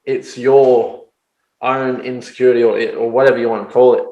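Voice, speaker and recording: A man's voice: medium pitch, flat delivery, normal speed, warm tone, lo-fi sound. A man hosting a podcast in casual chat, swearing and acting out quoted lines in little voices. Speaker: podcast host. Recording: roomy echo.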